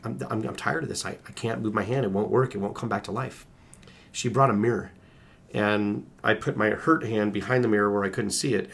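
Gravelly man telling his story. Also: on the low side. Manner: earnest, restarts and acts out quotes. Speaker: interview guest. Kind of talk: personal storytelling.

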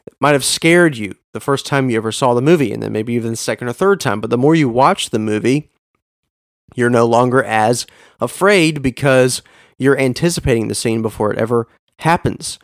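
A man's voice: medium pitch, a little fast, dry recording. Earnest male podcast host, dry sound. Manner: earnest, stresses words for emphasis. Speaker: podcast host teaching on Bible reading. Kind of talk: scripted teaching monologue.

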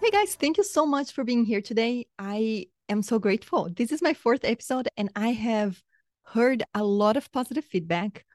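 A woman's voice: fairly high pitch, animated, normal speed, a little mellow, dry recording. A woman hosting a casual podcast monologue as a life coach, effusive and upbeat with chatty asides, her throat slightly sore.

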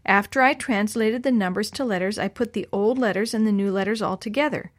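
A woman's voice: medium pitch, fairly quick, close to an everyday voice. Woman reading as an earnest thoughtful boy.

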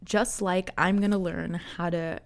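A woman's voice: on the low side, fairly even intonation, measured pace, creaky. A woman in her twenties hosting her own podcast alone, chatting casually, laughing often and filling her sentences with "like". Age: 20s. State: out of breath. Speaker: podcast host. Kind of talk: casual solo podcast chat.

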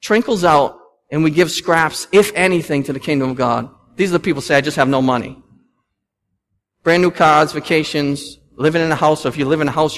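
Animated preaching man, reverberant church. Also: a little high. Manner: animated preaching, rising and falling with emphasis, asking the congregation questions. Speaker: pastor. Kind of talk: sermon. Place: church sanctuary.

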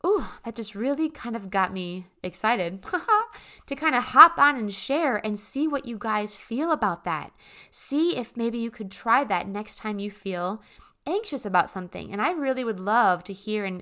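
A woman's voice: mid-range voice, fairly bright tone. A woman hosting a self-help show, talking to listeners in a bubbly, chatty monologue full of fillers and asides. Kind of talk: casual motivational monologue.

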